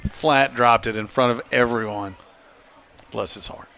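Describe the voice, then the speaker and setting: A man calling a high school football game play-by-play, chatty and joking. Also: fairly even intonation, unhurried, gravelly, pushed and bright. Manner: chatty, joking, laughs often. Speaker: play-by-play announcer.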